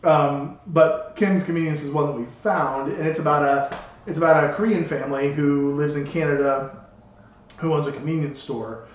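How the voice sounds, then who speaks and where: A man's voice: fairly high pitch, moderate pace, heavy reverb, distant mic, muffled recording, a little hiss or hum. A man co-hosting a podcast in casual chat, rambling with many restarts and frequent laughs. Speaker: podcast co-host.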